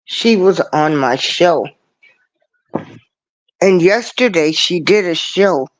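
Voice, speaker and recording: A man hosts a casual livestream in an unhurried, deliberate way, leaning on each phrase and circling back to his points. His voice sits a little high for a man. The sound is plain computer-mic audio with nothing behind it. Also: expressive, lo-fi sound. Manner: earnest, preachy, repeats his points. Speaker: livestream show host.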